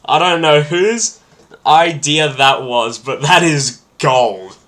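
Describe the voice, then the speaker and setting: A man hosting a casual solo podcast, rambling excitedly with lots of filler words. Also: fairly high pitch, takes it slowly. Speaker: podcast host.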